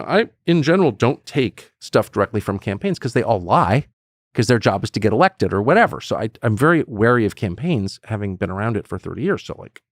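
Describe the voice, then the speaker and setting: A man's voice: on the low side, no room sound, studio quality. A man in his fifties, a guest telling stories in a conversational interview and acting out quotes. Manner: animated storyteller who acts out quotes.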